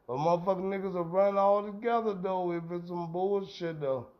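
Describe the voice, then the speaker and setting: A man's voice: sits high, steady tone, moderate pace. A middle-aged man hosting a podcast, ranting in a heated, profane, rambling way. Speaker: podcast host. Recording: dull lo-fi sound.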